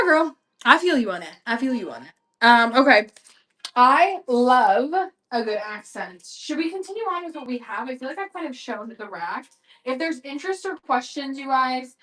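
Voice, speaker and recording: A woman's voice: fairly high pitch, fairly bright tone. A young woman with a chatty, gushing manner, full of slang and fillers, selling clothes on a live stream.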